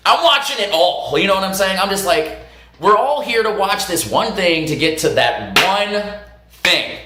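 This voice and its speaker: A man casually telling stories to camera, animated and profane, laughing often and acting out what others said. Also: sits high, moderate pace, reverberant, a little hiss or hum. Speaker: vlog host. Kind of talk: casual storytelling monologue.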